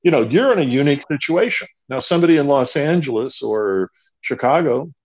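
A man's voice: medium pitch, lively intonation, a little fast, dull audio. A man being interviewed as a guest, talking emphatically, hammering points home by repeating words. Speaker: bunker company founder, interview guest. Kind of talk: conversational interview.

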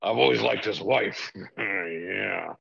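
A man doing an impression of a boastful, sleazy older wrestling boss, rambling and brash with a gravelly voice. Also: on the low side, bright, forceful tone, lo-fi sound, full character voice. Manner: brash, rambling with drawn-out filler sounds.

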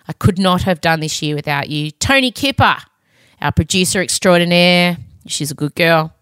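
A woman's voice: lowish voice, a bit bright, no room sound. A woman hosting a podcast, closing the episode with chatty, heartfelt thank-yous and self-mocking asides. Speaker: podcast host. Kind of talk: casual podcast sign-off.

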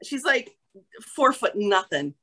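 A woman from New York, an actress, chatting as a guest and telling stories in a lively way. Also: mid-range voice, slow pace, poor audio. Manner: chatty, animated storyteller. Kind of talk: casual chat.

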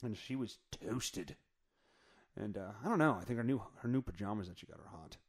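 A man's voice: lowish voice, animated, a little fast. A man hosting a podcast, riffing crudely through a news story in a rambling, profane, off-the-cuff way. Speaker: podcast host. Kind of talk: crude comedic news rant.

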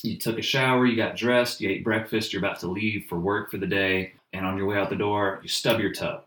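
A man chatting casually on a podcast, telling animated stories and mimicking angry people. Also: fairly low pitch, fairly quick. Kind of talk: casual chat. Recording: roomy echo.

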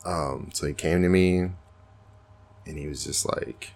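Deep gravelly man musing earnestly. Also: steady tone, a little slow, darkish tone. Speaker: podcast host. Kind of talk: casual spiritual monologue.

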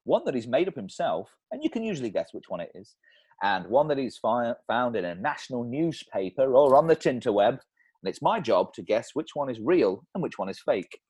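A man's voice: medium pitch, big pitch swings, fairly quick, a little mellow, slightly rough, no echo. A man co-hosting a comedy podcast, bantering, laughing often and swearing casually. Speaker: podcast co-host.

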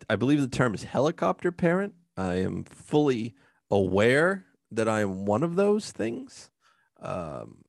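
A man's voice: on the low side, vocal fry, no room sound, studio quality. A young man co-hosting a podcast, talking candidly and with self-deprecating humor in a casual chat. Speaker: podcast co-host.

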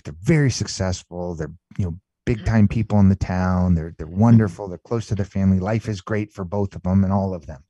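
A man's voice: low-pitched, mellow, no room sound, highs cut off. A man, the author being interviewed, telling a long story in an emphatic conversational way, repeating words and tagging lines with "right?" and "man". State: emotional while telling story. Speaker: author and guest.

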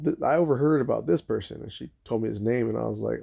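A man's voice: medium pitch, fast talker, gravelly, hardly any pauses, slightly rough. A man telling a rambling work story in a casual, profane way, acting out what others said. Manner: rambling, swears a lot, acts out quoted voices. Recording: dull lo-fi sound.

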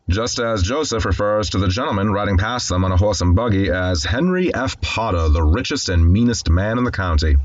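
A low-voiced host walks through a film scene by scene, reading the dialogue aloud and dropping in wry, conversational asides. The recording is dry and sounds a little dull and lo-fi.

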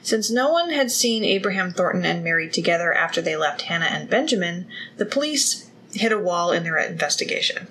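Bright-voiced woman telling a crime story. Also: lowish voice, lively intonation, fairly quick, a little hiss or hum, rough recording. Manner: chatty, reads case notes then riffs with jokes. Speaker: podcast host. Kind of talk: casual true-crime storytelling.

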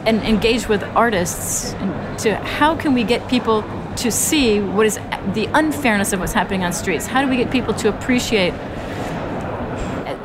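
Woman, interview guest, earnest, storytelling, outdoor street, loud traffic noise. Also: mid-range voice, animated, moderate pace. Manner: earnest, storytelling, restarts phrases. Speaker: interview guest, urban mobility advocate. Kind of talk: conversational interview.

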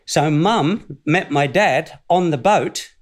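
An older Australian man talking through a long story in a casual interview. His voice sits a little high, and he wanders through restarts and self-mocking asides, laughing at himself now and then. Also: slow. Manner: rambling, self-deprecating, often laughs. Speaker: guest, former footballer.

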